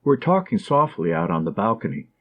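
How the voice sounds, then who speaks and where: A man narrating a classic novel as an audiobook in a measured, expressive way. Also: fairly low pitch, narrow, tinny audio.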